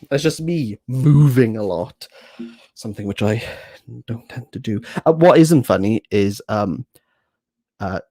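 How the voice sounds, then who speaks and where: Animated yet slow, with long pauses, a warm mid-range voice and no echo, a young Welshman leads a bookshelf tour for his book vlog. He's in a small box room at home, rambling casually and joking at his own expense with laughter.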